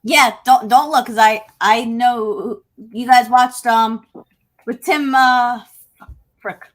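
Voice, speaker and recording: A woman's voice: a little high, steady tone, slow pace. A woman with a South Jersey accent in a casual podcast chat, joking and chiming in with facts.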